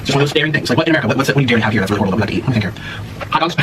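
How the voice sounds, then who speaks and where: Dramatic, jokey male food vlogger, lively swooping delivery, recorded off-mic. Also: mid-range voice, very fast. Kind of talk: casual food tasting chat. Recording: distant mic with clear background noise.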